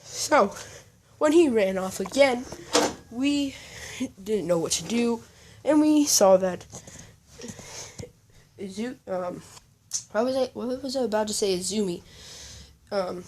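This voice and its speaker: A cheerful old Santa figure with a loud, hearty manner, as a woman reads him out in a storytelling video. The delivery is unhurried and the voice sits at a middling pitch. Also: lively intonation, noisy background. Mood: explaining. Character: jolly old male Santa Claus, cheerful.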